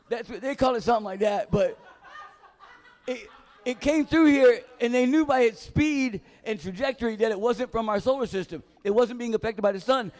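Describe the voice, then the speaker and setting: A man doing a live stand-up set in a bar, telling profane stories casually and losing his train of thought. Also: high voice. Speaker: stand-up comedian. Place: dive bar comedy room.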